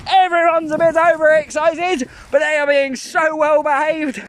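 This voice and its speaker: Excitable Glaswegian man walking dogs. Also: extremely high pitch, moderate pace, dry recording. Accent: Scottish, Glasgow. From Scotland. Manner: excitable, chatty, laughing, giving dog commands. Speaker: professional dog walker. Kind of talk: casual vlog narration while walking dogs. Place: outdoors in parks and forest.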